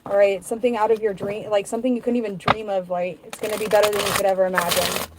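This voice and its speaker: A woman's voice: mid-range voice, level tone, quick pace, very noisy. A woman giving a casual tarot reading and musing aloud, rambling through her thoughts with many fillers. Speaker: tarot reader.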